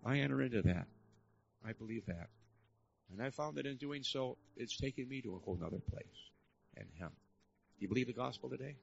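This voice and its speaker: A man's voice: mid-range voice, a little fast, creaky, long pauses, dull audio, faint music behind. An older man preaching a storytelling sermon in a church service, earnest and building to fervent exhortation.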